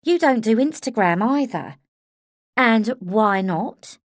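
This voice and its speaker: A woman voicing a flamboyant, teasing woman nurse with an Estuary accent, loud and sassy. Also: a little high, animated, takes it slowly, dry recording, voice pushed up. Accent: Estuary English.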